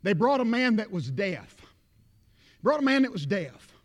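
A man's voice: sits high, sing-song, unhurried. A man with a Southern accent preaching a sermon as pastor, emphatic, repeating words and calling out amens.

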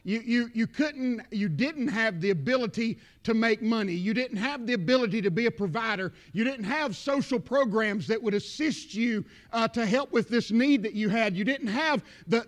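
Man, Southern accent, pastor, very high voice, emphatic sermon, frequent amens. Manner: emphatic preaching, frequent amens and repeated words.

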